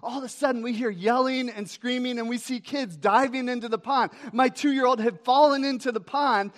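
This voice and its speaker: A man in his thirties preaching a Father's Day sermon, telling a story with quick swings between loud and hushed. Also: very high voice. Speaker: pastor. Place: church hall. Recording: echoey hall reverb.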